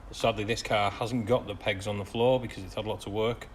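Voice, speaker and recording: A lowish-voiced man talks through a car restoration in his workshop. His delivery is dry and sarcastic, with deadpan grumbles set between plain, practical explanation. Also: fairly quick, slight background noise. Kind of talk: workshop vlog narration.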